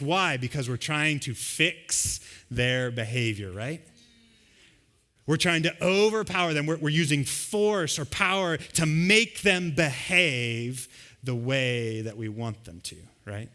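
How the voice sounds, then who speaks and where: Here the man's voice is medium in pitch, slow and sharp-toned. He is a pastor preaching to a live church congregation, chatting loosely and playing out scenes from daily life.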